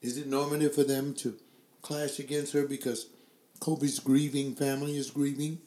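This older man hosts his own webcast, sharing opinions and stringing rhetorical questions together in a warm, medium-pitched voice. His delivery is flat and moderately paced, and the room sounds echoey. He talks into a desk microphone that later gets pushed further away.

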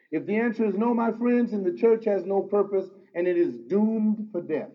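A man preaching a sermon as pastor, swinging from loud emphatic exclamations to low, intimate asides. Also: lively intonation, normal speed, few pauses. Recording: dull lo-fi sound.

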